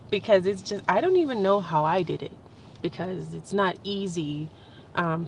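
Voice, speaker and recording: Young woman vlogging, kinda low voice, rambly and emotional, laughs a lot, faint hum behind. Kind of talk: casual spiritual vlog monologue.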